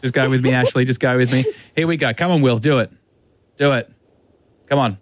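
A man's voice: mid-range voice, fairly quick, a little hiss or hum. A man hosting a radio show, teasing callers in playful, laughing banter. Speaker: radio host. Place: radio studio. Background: music bed.

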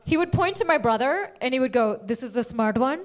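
A woman's voice: sits high, animated, brisk. A woman doing brash, self-mocking stand-up storytelling. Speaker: stand-up comedian. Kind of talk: stand-up comedy.

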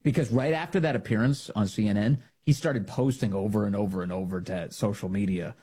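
A man's voice: brisk, mellow, husky. A man hosting a talk show, giving opinionated political commentary in a sarcastic way. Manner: sarcastic, mocks others in put-on high voices.

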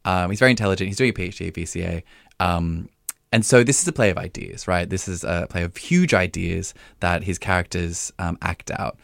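Deep-voiced man reviewing theatre. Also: vocal fry, no echo, clean studio sound. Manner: animated, quick, laughs often, many fillers. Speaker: podcast co-host, theatre critic. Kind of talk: casual review chat.

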